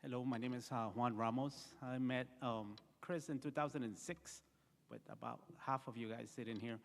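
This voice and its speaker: A man's voice: mid-range voice, steady tone, moderate pace, gravelly. A man giving an earnest, story-filled eulogy at a memorial service, with frequent fillers. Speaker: eulogy speaker. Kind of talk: memorial speech. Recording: reverberant hall.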